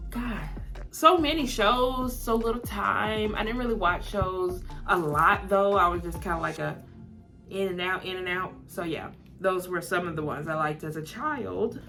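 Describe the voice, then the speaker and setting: A woman's voice: fairly low pitch, unhurried, sharp tone, faint music behind. A young woman with a Southern American accent, rambling casually through a get-to-know-me video, with lots of "like" and frequent laughs. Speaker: vlogger.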